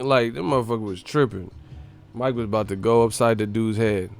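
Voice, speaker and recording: A young man hosting a casual boxing live stream, talking loosely and profanely, now and then doing quick impressions. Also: lowish voice, creaky, faint music behind. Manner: profane, animated, slips into impressions.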